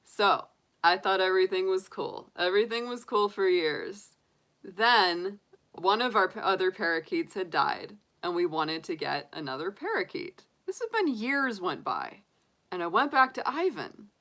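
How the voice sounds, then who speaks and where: A woman's voice: mid-range voice, very animated, measured pace, a bit bright. A woman reading tarot, chatting casually to her viewers and telling a rambling story, laughing often. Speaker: tarot reader and astrologer. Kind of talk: casual storytelling to a live chat.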